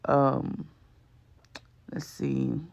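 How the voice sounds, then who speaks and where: A man giving a chatty, slangy voice-over for his cooking video, rambling along with lots of fillers. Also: extremely slow. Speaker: cooking vlog host. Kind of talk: casual voice-over narration.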